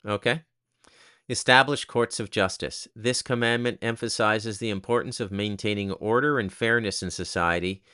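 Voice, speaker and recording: A man's voice: lowish voice, sharp tone. Blunt, crude male commentator. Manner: blunt, crude and sarcastic, with frequent "okay?" asides. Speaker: host. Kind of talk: casual commentary monologue.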